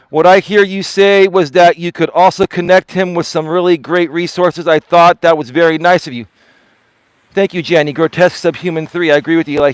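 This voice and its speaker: A life coach walks outdoors on a live stream, lecturing in an indignant tone and often repeating himself. His voice is on the high side and smooth, with no room sound.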